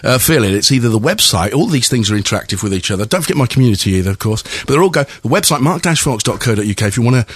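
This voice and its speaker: A man's voice: medium pitch, expressive, racing, hardly any pauses, breathy edge, no echo. A man hosting a podcast, chatting casually with rambling, jokey banter. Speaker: podcast host. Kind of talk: casual comic chat.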